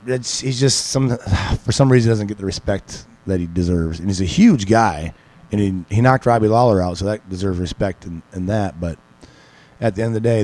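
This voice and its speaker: A lower-pitched man chats casually about fights, rambling with lots of restarts and fillers. His talk is loose and unscripted, like a guest on a local sports show. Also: warm tone, poor audio. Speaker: podcast guest, MMA pundit.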